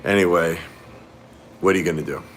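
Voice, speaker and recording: A middle-aged man hosting a livestream from a fast-food restaurant. He rambles casually to his chat, repeating himself and calling viewers by name. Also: low-pitched, slight background noise. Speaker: livestream host.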